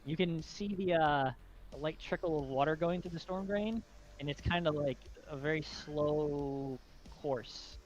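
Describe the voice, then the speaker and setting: A man narrating a tabletop roleplaying game as game master, halting and restarting often. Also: on the high side, muffled recording. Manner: halting, with many restarts and fillers. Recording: background music under voice.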